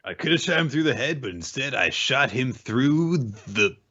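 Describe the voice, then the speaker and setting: A man's voice: medium pitch, lively intonation, normal speed, bright, forceful tone, dull audio. A man co-hosting a casual manga recap podcast, throwing in dry joking asides. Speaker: podcast co-host.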